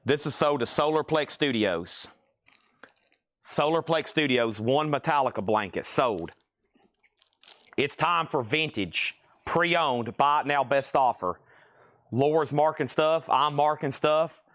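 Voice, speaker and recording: A man's voice: on the high side, takes it slowly, a bit bright. A man hosting a live-streamed record sale, calling out bids and repeating item names in a casual, rambling way. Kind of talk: live-stream auction selling.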